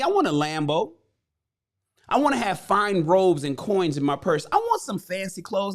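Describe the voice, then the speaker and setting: A man voicing a frustrated working-class chariot builder, retelling a parable in profane street slang. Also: high voice.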